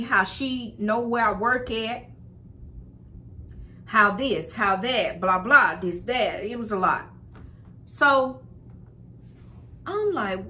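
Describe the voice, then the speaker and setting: A woman's voice: a little high, sharp tone. A young woman telling a personal story to her viewers in a blunt, profane, casual way, often calling them y'all. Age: young adult. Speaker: spiritual vlogger.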